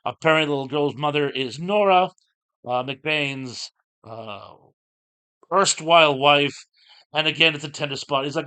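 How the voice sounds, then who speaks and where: A man's voice: on the high side, normal speed, sharp tone, smooth. A middle-aged man hosting his show, recapping a comic in a rambling, casual way with lots of fillers. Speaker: show host.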